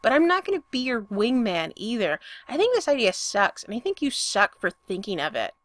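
A woman's voice: fairly high pitch, big pitch swings, moderate pace, fairly bright tone, dry recording. A woman voicing a sulky, bitter young man who speaks stiffly and curtly, in her own reading voice. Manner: stiff, curt, resentful.

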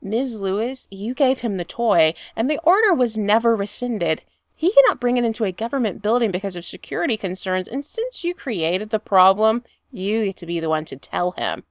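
A woman's voice: mid-range voice, animated, moderate pace, no room sound, clean studio sound, natural voice. A woman reading the lines of a stern, formal female deputy director who will not bend. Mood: firm. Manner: firm, formal, clipped.

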